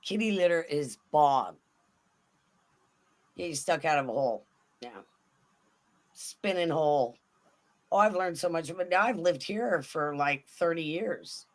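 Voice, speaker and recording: Expressive woman, laughing storyteller. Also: low voice, unhurried, long pauses. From Southern California. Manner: expressive, laughing, acts out voices. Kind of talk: casual storytelling chat.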